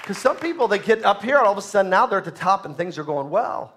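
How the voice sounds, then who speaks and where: A man preaching a sermon as pastor, emphatic, swinging between loud bursts and soft asides, asking the congregation questions. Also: high-pitched, sing-song, fast, slight background noise.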